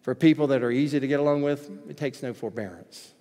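A man preaching a sermon as pastor in a church, swinging between hushed, gentle passages and loud, excited ones. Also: mid-range voice, fast. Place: church sanctuary. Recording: echoey hall reverb.

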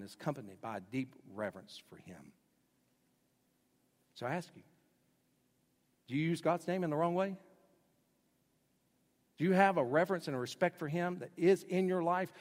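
A man preaching a sermon as pastor, dramatic, swinging between loud bursts and hushed lines. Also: mid-range voice, in a large hall.

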